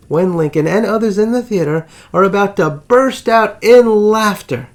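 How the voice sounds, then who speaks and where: Dramatic male history storyteller, lively pitch. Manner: dramatic storyteller, slow drawn-out suspense pauses. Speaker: history channel host. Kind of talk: scripted dramatic history narration.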